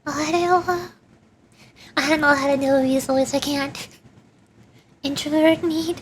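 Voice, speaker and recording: Giggly high pitched girl streaming a game, rambly casual chat. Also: little pitch movement, normal speed, a little hiss or hum.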